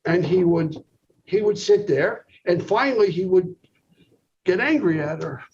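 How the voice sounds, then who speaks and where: A psychologist guest being interviewed speaks in a high-pitched, a little mellow voice with lively intonation and a measured pace. He tells a long anecdote, often checking in with "okay." The recording is dull and lo-fi, with faint noise.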